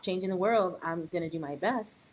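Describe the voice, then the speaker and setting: A middle-aged woman and early childhood educator, chatting on a podcast in an animated way with joking asides. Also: on the low side, normal speed, slight background noise, poor audio. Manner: animated, joking asides, quotes others in raised voice. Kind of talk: casual podcast conversation.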